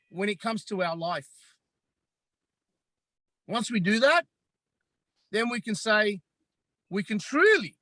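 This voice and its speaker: Australian man, podcast guest: high, bright voice, measured delivery, hammers his points home. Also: no room sound, poor audio. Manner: emphatic, repetitive, deliberate. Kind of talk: impassioned podcast talk.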